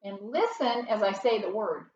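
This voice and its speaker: A woman's voice: medium pitch, lively intonation, normal speed, a little mellow, dull audio, slight background noise. A woman teaching a first grade phonics lesson, explaining each step patiently, recorded from a distance in a roomy space.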